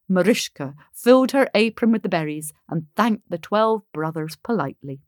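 Slow, expressive woman storyteller. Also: medium pitch, no echo, studio quality. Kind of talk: fairy tale narration.

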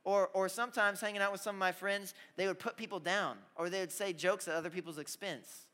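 A young man preaching a youth sermon, telling stories with lively asides and calling out to the audience. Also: high voice, brisk. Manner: energetic storytelling with audience call-outs. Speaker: youth pastor. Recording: hall reverb.

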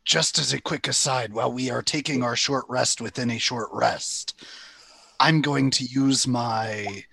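Slow, gravelly man at a gaming table. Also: medium pitch, sharp tone, no room sound. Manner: slow, wry, in-character asides. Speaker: player. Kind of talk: casual tabletop play.

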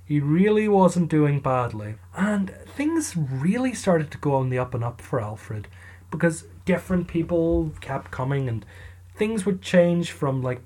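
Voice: medium pitch, a little mellow, slightly rough. A casual storyteller with a wry, chatty delivery and an ordinary mid-range voice. The telling is loose and conversational, full of asides to the listener. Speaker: storyteller narrator.

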